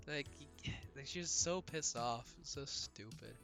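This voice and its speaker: A young man talks his way through a video game in loose, profane commentary full of "like" and laughter. His voice is very bright and forward, at a middle pitch, with faint game music underneath. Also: moderate pace. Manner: rambling, profane, laughs easily. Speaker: gameplay commentator. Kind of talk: casual let's-play commentary.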